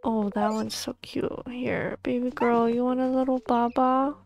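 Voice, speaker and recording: A young woman with a slightly high voice talks slowly and unhurriedly through a pet game stream. She coos and gushes over each animal, often slipping into soft whispers, with faint music playing behind her. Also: little pitch movement, gravelly. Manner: gushing, cooing over pets with frequent soft whispers. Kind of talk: casual gaming stream chatter. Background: faint background music.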